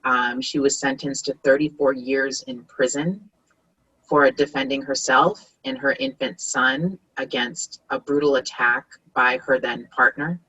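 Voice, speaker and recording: A woman giving an online workshop talk as a community organizer, earnest and halting, with frequent pauses and restarts. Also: rumbling low, steady tone, pushed and bright, breathy edge, poor audio. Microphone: video call.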